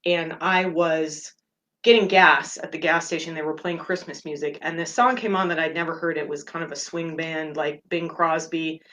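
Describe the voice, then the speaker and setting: A middle-aged woman hosting a meditation podcast, talking gently and candidly about her feelings. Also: low voice, steady tone, normal speed. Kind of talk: personal reflective talk.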